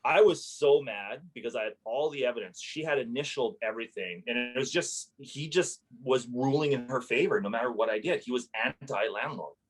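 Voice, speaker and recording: A man, a landlord and podcast guest, telling a story in a casual interview, animated and swearing freely as he relives his anger. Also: medium pitch, a little fast, few pauses, slightly rough, soft background music, rough recording.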